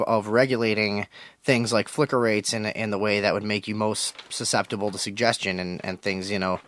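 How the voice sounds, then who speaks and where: Crude, swearing radio host. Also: male voice, on the low side, fairly bright tone, no room sound. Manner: crude, loose, swearing, mock-aggressive with callers. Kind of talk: profane call-in radio talk. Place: small radio studio.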